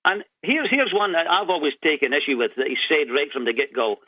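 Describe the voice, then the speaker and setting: A man's voice: on the high side, sing-song, a little fast, breathy edge, dry recording. A man co-hosting a radio talk show, questioning the host and playing devil's advocate. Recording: tinny phone-line sound, dry.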